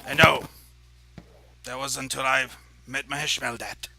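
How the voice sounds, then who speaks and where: A man's voice: mid-range voice, fairly even intonation, a little slow, gravelly, loud music behind the voice. A man playing a terse innkeeper who used to be an adventurer. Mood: reminiscing. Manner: terse, matter-of-fact. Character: former adventurer, plain middle-aged innkeeper.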